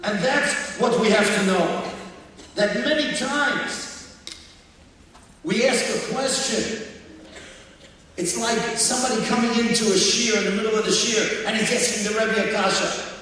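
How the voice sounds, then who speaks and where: A man as a rabbi, telling a story in a sermon, animated, acting out quotes and breaking into song. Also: high voice, measured pace, pauses often, a little hiss or hum. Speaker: rabbi giving a talk. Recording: echoey hall, distant mic, faint ambience.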